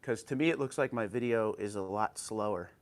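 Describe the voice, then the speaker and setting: A man's voice: lowish voice, a little fast. Casual man greeting his livestream chat. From New Jersey. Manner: reads out viewer comments and greets chatters by name. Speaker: livestream host. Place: home. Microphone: old tablet.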